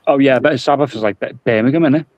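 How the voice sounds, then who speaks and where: A man's voice: mid-range voice, fast, darkish tone, muffled recording. A young man with a Scouse accent from Liverpool, chatting easily as a new guest, self-deprecating and laughing often. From Liverpool, England. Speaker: guest joining the stream. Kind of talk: casual chat.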